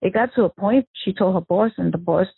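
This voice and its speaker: A woman, the victim's sister, recounting memories of her sibling in an emotional, animated way, acting out the dialogue she quotes. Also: medium pitch, a little fast, vocal fry, husky, dry recording. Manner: animated storyteller who acts out quoted dialogue. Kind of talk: emotional first-person recollection. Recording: tinny phone-line audio.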